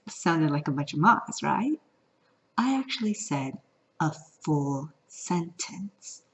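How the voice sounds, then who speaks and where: A woman's voice: fairly low pitch, animated, slow pace, darkish tone, slightly rough. A woman from California teaching a vlog lesson, playful and singing out the example tones. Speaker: Mandarin teacher. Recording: lo-fi audio.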